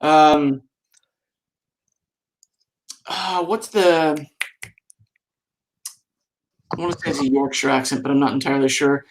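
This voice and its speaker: A man with a somewhat high voice chats casually on a live stream. He rambles playfully from one topic to the next and hums to himself. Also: flat delivery, moderate pace, slight background noise. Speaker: podcast co-host.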